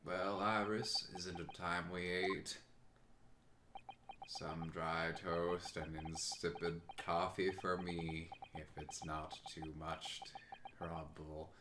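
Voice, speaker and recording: A man doing a gloomy British detective, low and drawling. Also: flat delivery, background noise. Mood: despondent. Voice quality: low, quiet, drawn-out, despairing. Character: gloomy, melancholic adult male detective.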